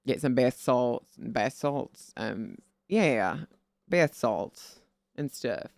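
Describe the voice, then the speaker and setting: A man's voice: mid-range voice, lively intonation, drawn-out words, vocal fry, darkish tone, dry recording, studio quality. A man streaming and chatting casually, rambling and swearing as he gives friendly advice in a playful put-on Southern drawl. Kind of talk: casual chat.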